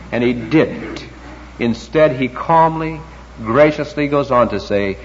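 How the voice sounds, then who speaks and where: A man preaching a sermon, reading scripture in King James wording and swinging between loud emphasis and quiet intensity. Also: medium pitch, measured pace, a little hiss or hum. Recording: dull lo-fi recording, long hall reverb.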